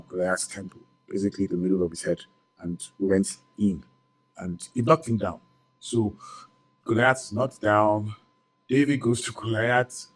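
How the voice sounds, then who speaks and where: A man with a low voice retelling a Bible story for a church audience. He keeps it loose and conversational, peppering it with "like," "right?" and little jokes. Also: a little mellow, low-quality recording. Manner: chatty, lots of "like" and "right?", jokey asides.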